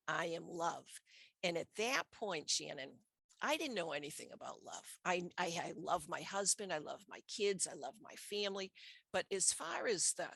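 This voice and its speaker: Middle-aged woman, low gravelly voice, lively storyteller, dry close sound. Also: no room sound. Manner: animated storyteller, acts out her own quoted reactions. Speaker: podcast guest. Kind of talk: casual storytelling interview.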